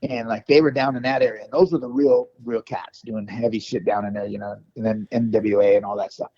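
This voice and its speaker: A male musician telling stories in an interview, animated and profane, rambling with restarts, on a dull lo-fi recording. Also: fairly low pitch, brisk, no echo. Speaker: guest musician and producer. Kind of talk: casual storytelling interview. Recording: dull lo-fi dry sound.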